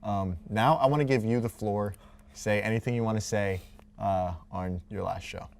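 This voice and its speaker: A man's voice: fairly low pitch, normal speed, creaky. A young male host in a studio, talking energetically with lots of fillers. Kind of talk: casual talk show hosting.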